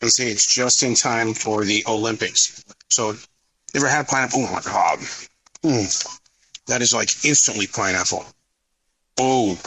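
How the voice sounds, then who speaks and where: A man's voice: lowish voice, measured pace, long pauses, pushed and bright, a little hiss or hum. A man telling wry, emphatic stories from his customer service job in a casual vlog, tired and sore. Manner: folksy, emphatic, wry storyteller. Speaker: podcaster and customer service worker.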